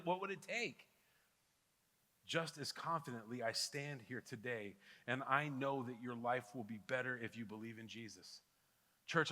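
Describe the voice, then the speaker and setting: A middle-aged man preaching a sermon as pastor, swinging between loud fervent appeals and hushed intimate pleas. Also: fairly high pitch. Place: church sanctuary. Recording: long hall reverb with soft guitar underneath.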